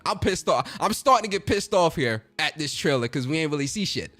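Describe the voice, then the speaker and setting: A man hosting a casual reaction video, talking in excitable slang and laughing a lot. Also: a little high, a little fast, faint music behind. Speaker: host.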